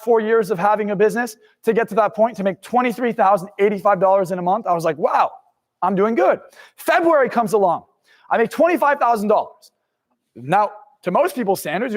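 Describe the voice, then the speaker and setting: A motivational speaker with a notably high voice tells a personal story with lively animation, playing out his own past words. His voice rings with a long reverb, as if he stands in a large hall. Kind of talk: storytelling talk.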